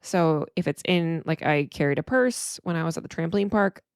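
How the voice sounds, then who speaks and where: A woman's voice: low-pitched, animated, brisk, smooth, no room sound, clean studio sound. A middle-aged woman therapist hosting her podcast alone, talking candidly and emotionally with frequent restarts. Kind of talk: reflective solo podcast monologue.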